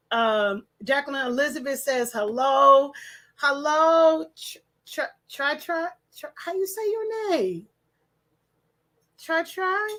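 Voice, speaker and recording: Chatty high-voiced woman hosting a livestream. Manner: chatty, warm greetings, stumbles over names. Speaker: livestream host. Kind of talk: casual livestream chat, reading comments aloud.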